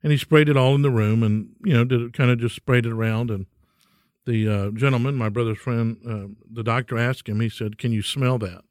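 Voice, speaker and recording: A man's voice: medium pitch, steady tone, fairly quick, a little mellow, dry recording, studio quality. A man hosting a podcast, telling stories in a folksy, rambling way with frequent ums. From Texas. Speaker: podcast host. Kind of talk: casual solo podcast storytelling.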